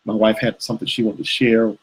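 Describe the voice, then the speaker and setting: A man's voice: on the low side, flat delivery, fast talker, a little hiss or hum, low-quality recording. A man co-hosting a live couples show, talking casually and rambling with fillers and restarts. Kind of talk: live video chat with viewers.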